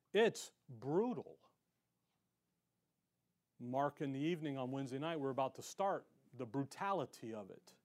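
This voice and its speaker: A male pastor preaching with a somewhat high voice. He is animated and excitable, pushing some phrases out hard and dropping others to near-mutters. His delivery sounds like a live sermon in a church. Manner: excitable, animated, shifting between loud emphasis and quiet asides. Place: church sanctuary.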